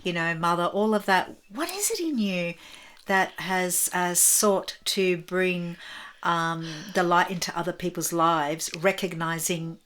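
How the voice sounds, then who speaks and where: A woman interviewing a guest, asking long reflective questions slowly and gently with spiritual phrasing. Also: fairly low pitch.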